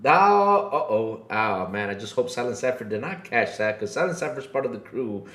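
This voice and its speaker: A man hosting a podcast chats casually and jokes a lot, repeating himself and filling gaps. His pitch swings lively up and down. The room adds a roomy echo, and his voice sits in a middle range. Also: normal speed. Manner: animated, joking, lots of fillers and repeats. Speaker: podcast host. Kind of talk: casual chat.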